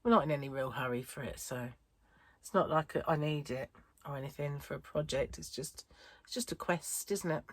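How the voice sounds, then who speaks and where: In a dry recording, a middle-aged British woman with a low voice talks at a moderate pace for her crochet vlog. She sounds tired and wheezy-chested, chatting and rambling while interrupting herself.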